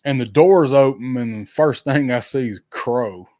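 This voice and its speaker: A man with a Southern US accent tells stories on a podcast in a loose, animated way, acting out quotes and swearing freely. His voice sits in a middle range and is recorded close and dry, with no room sound. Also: medium pitch, measured pace, no room sound. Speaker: podcast co-host. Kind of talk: casual storytelling chat.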